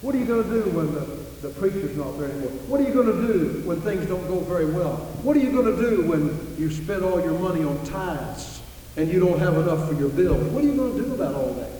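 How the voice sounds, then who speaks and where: A preacher doing pestering young prophet men. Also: male voice, high voice, expressive, dark tone, slight background noise. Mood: taunting. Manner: pestering, fast questioning. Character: taunting young male prophets, doubting. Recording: echoey hall reverb.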